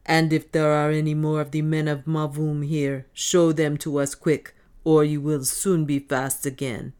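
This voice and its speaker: A woman voicing a gruff, blunt dwarf man who gives curt orders. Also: deep voice, flat delivery, unhurried, a little mellow. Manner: curt, commanding.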